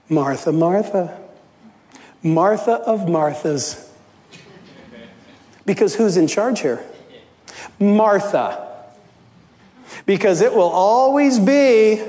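Animated high-voiced male preacher in a hall. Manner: animated storytelling preacher, laughs often. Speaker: pastor. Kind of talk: sermon. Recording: long hall reverb.

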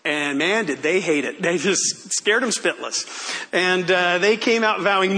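An older man preaching a sermon as pastor, telling stories in an animated way and often laughing. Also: high-pitched, normal speed.

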